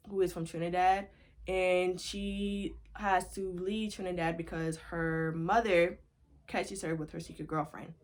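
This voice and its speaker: A woman book vlogger at home, gushing in a casual review and repeating herself often. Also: lowish voice.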